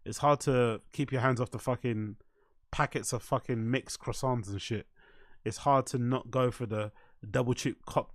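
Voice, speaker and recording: A British man hosting a show, giving casual reaction commentary in an animated, slangy way with constant swearing. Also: medium pitch, dry recording, studio quality. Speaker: host.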